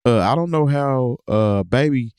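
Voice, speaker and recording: A man's voice: mid-range voice, lively intonation, measured pace, darkish tone, clean tone, no room sound, studio quality. A man co-hosting a hip hop podcast, giving mock-stern, opinionated rants in casual chat. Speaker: podcast co-host.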